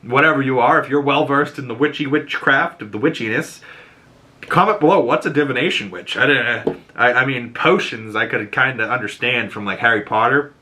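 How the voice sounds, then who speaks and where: Bright-voiced man recapping with laughs. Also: fairly quick, slight background noise. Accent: Boston. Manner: animated, laughs often, acts out quotes in higher voices. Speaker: show reviewer. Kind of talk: casual recap and reaction.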